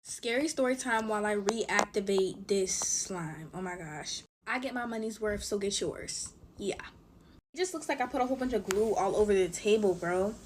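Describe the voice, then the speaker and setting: A woman's voice: mid-range voice, moderate pace, background noise. A woman in her twenties chatting through a casual storytime while playing with slime, full of fillers and talking to viewers as y'all. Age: 20s. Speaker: TikTok storyteller.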